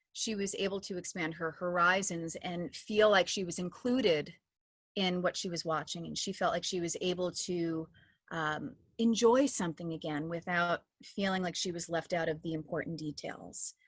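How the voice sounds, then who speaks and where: A woman's voice: lowish voice, fairly even intonation, measured pace, dry recording, studio quality. A woman in her thirties, an audio description narrator, telling stories in a chatty interview with many restarts. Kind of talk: casual interview talk.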